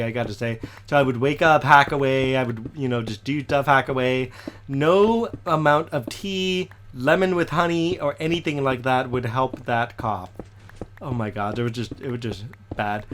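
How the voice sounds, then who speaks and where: A man, slightly hoarse and recovering from a cough, chatting casually through his gameplay in a rambling way with lots of "okay?" tag questions. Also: fairly high pitch, fairly bright tone, a little hiss or hum. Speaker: Minecraft let's player.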